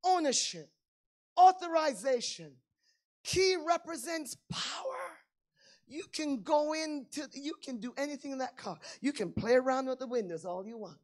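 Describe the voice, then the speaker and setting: Lady preacher, kinda high voice, gets loud then drops low, acts out little scenes. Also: very animated, normal speed. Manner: emphatic, swinging between hushed and loud. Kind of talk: sermon.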